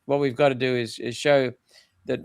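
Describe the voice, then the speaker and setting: Blunt older man, gravelly. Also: medium pitch, flat delivery, moderate pace, no room sound. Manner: blunt, emphatic, with frequent restarts. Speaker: former senator interviewed as guest. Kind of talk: political interview talk.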